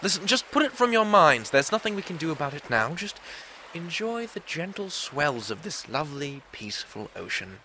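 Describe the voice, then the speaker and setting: A man's voice: high voice, big pitch swings, fast talker, hardly any pauses, bright, forceful tone, full character voice. A man playing a badger-headed adventurer in a comedy audio drama, with a joking, breezy manner. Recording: noisy background.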